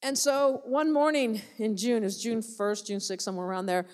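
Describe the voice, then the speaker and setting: Woman, missionary, animated testimony with repeats for emphasis; slightly high voice, long hall reverb. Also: normal speed. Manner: animated storytelling, laughing, repeating phrases for emphasis. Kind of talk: personal testimony to a church audience.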